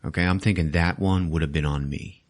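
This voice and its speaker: A man's voice: sits low, steady tone, a little fast, a little mellow. A man voicing a blunt, crude adult male mentor who scolds a teenager. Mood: scolding.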